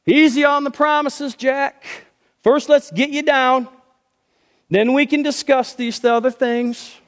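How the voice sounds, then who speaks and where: A patient, steady voice of God calling down to a man in trouble, put on by a preacher telling a joke. It sounds reassuring and unhurried, pitched higher than normal, and carries long hall reverb. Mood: calm assurance. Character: calm, patient male voice of God.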